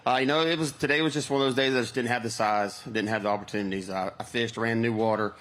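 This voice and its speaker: A man's voice: medium pitch, steady tone, fast, fairly bright tone. A middle-aged man, a pro angler, speaking emotionally and from the heart on an outdoor stage.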